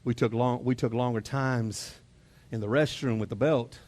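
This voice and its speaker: Speaking in a darkish mid-range voice with a steady tone and moderate pace, this middle-aged pastor with a Texan accent preaches conversationally in a church auditorium. He repeats words a lot and chuckles while imitating family exchanges.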